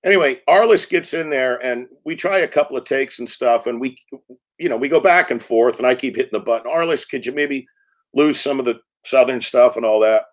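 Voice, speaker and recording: A man in his sixties, a film director, telling lively anecdotes in an interview and acting out quotes. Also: mid-range voice, a little fast. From United States. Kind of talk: storytelling interview talk.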